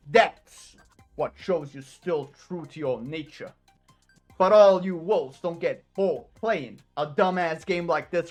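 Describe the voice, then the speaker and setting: Woman doing a cocky male penguin boss, lower voice. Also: lightly acted. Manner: slangy streetwise drawl, teasing. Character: brash swaggering male penguin boss, bored and mocking.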